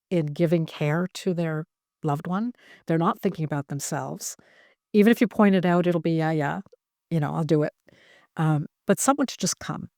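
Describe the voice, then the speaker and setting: Female interview host; lowish pitch, dry recording, emotional and halting delivery. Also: a little mellow, no echo. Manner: emotional, halting, many restarts. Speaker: podcast host and family caregiver. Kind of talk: heartfelt conversational interview.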